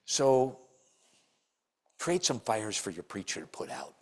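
A man's voice: takes it slowly, slightly rough. An older man preaching a sermon in church, telling stories and acting out the people he quotes with big jumps in his voice. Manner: animated storytelling, acts out quotes with big pitch jumps.

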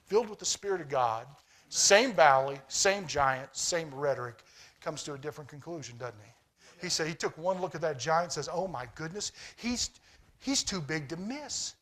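A man preaching a sermon, swinging between shouted exhortation and quiet, chatty storytelling. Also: fairly high pitch, lively intonation, moderate pace.

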